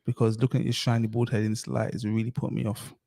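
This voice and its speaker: A man co-hosting a casual podcast, joking in a dry, deadpan way. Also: medium pitch, fast, creaky, dry recording. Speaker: podcast co-host.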